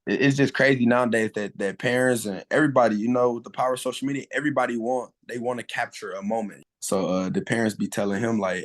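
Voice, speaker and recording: A man's voice: medium pitch, fairly even intonation, fast, hardly any pauses. Casual male umpire guest, laid-back and colloquial, mid-range voice. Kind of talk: casual interview chat.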